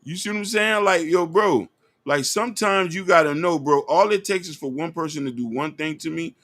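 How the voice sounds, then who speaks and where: A man's voice: a little high, brisk, fairly bright tone. A man hosting, casually commenting on a clip, rambling with stumbling restarts. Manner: rambling, with stumbling restarts and "you know what I mean". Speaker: host reacting to a clip.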